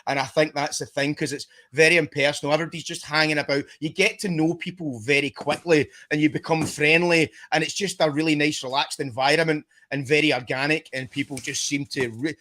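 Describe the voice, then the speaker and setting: A man's voice: fairly high pitch, pushed and bright. Rambling man chatting casually. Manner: rambling, repeats words. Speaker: guest DJ. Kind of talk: casual chat.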